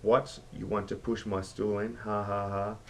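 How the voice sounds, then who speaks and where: A man voicing his crude, boozy mate, who swears loudly and laughs a lot. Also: fairly low pitch, level tone, moderate pace, a little hiss or hum, close to an everyday voice. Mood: rowdy. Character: crude boozy male Aussie mate, loud.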